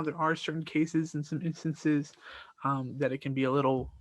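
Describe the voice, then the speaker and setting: Man retelling a heated argument, slightly high voice. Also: moderate pace, dry recording. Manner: animated, exasperated retelling of an argument; quotes both sides of a dialogue in his own voice. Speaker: podcast host. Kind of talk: casual storytelling monologue.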